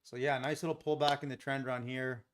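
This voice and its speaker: A man from Los Angeles hosting a live day-trading stream, chatting casually with viewers in a relaxed, rambling way and chuckling often. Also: mid-range voice, fairly quick, slight background noise. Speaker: day trading livestream host. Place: home trading setup.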